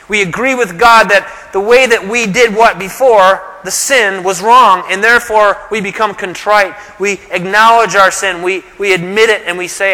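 A man's voice: sits high, steady tone, moderate pace, few pauses, pushed and bright, in a large hall, poor audio. A man preaching a sermon, who asks the room rhetorical questions and often repeats his words. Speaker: pastor.

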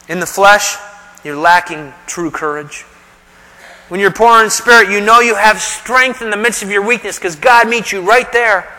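A man's voice: high-pitched, pushed and bright, in a large hall, low-quality recording. A man preaching a sermon, who asks the room rhetorical questions and often repeats his words. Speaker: pastor.

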